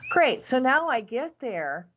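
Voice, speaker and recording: A middle-aged woman guest telling a long personal story in a casual, animated way, with big swings in her voice. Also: mid-range voice, unhurried, slight background noise. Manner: animated, dramatic swings in voice when retelling events.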